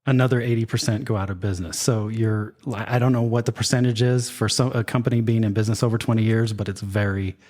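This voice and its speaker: A man's voice: fairly low pitch, fairly even intonation, fast talker, few pauses, a little mellow. A man hosting a podcast interview from a co-working space, upbeat and chatty with light jokes. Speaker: podcast host.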